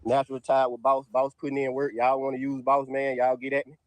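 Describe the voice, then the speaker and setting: A man, casually pitching his dogs for sale to viewers outdoors in his yard, peppering his talk with "y'all". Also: monotone, fairly quick, no room sound. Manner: drawls "y'all" constantly, Southern US dialect. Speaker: dog breeder selling dogs.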